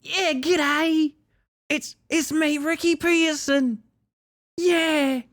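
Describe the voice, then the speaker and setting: A man voicing a high-pitched broad Australian country bogan, drawling and nasal. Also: steady tone, extremely slow, fairly bright tone, full character voice. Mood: cheerful. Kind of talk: livestream bit.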